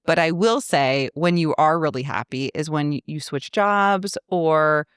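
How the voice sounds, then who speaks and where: A woman's voice: deep voice, a little slow, clean tone, no echo, clean studio sound. A woman in her thirties hosting a casual podcast chat as a money coach, laughing often and talking playfully. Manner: chatty, laughs often, playful mock voices.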